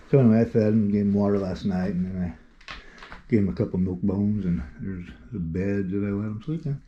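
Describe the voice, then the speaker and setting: A man telling a casual vlog story in a rambling, halting way, with many restarts. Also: fairly even intonation, lo-fi sound, a little hiss or hum. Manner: talks softly and higher to the dogs. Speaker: vlogger.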